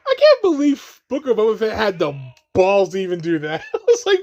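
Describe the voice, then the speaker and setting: A man talking casually over a movie as he watches it. His voice sits a little high. He laughs a lot, swears freely and drops into mocking high-pitched impressions of the characters. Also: wildly swooping pitch, moderate pace, a little mellow, muffled recording. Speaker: movie commentary host.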